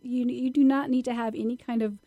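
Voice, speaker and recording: A woman's voice: on the high side, steady tone, brisk, no room sound, narrow, tinny audio. A woman hosting a podcast interview, asking questions and laughing along with her guest. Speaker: podcast host. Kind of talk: casual interview chat.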